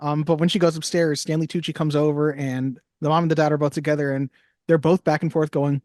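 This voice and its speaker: A man's voice: a little high, level tone, fast talker, a little mellow, no echo, clean studio sound. A man co-hosting a film podcast, chatting casually with a wry, joking manner. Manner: wry, jokey, quotes lines in little voices. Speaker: podcast co-host. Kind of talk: casual chat.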